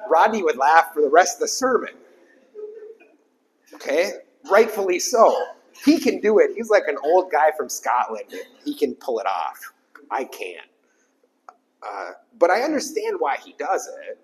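A pastor preaching an emphatic sermon to a small congregation, repeating key lines for weight. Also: male voice, medium pitch, lively intonation, normal speed, low-quality recording. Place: small church gathering.

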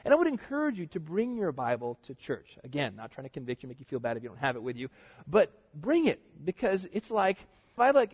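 A man's voice: a little high, fast, breathy edge. A young man teaching a casual sermon, telling stories and acting out what people say. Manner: animated storytelling, acts out quotes. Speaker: pastor teaching a Bible study. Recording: dull sound with long reverb.

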